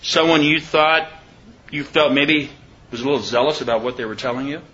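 A man giving an informal Bible study sermon, reading scripture slowly and deliberately and asking his listeners questions. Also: medium pitch, fairly even intonation, pushed and bright, dull audio. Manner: conversational, asks the listeners questions. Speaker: preacher.

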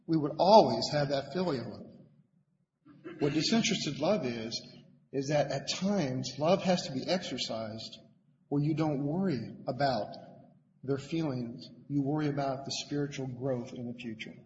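A man giving an informal sermon as a lay preacher at a Bible study meeting, conversational and halting, often repeating words as he searches for them. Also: medium pitch, a little mellow. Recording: lo-fi with long hall reverb, faint noise.

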